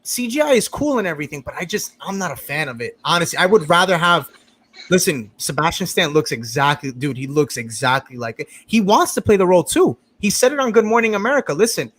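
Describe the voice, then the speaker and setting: A man with a fairly high voice hosts a loose group review. He talks in animated bursts, restarting and talking over the others. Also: quick pace. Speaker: podcast host. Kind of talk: casual group review chat.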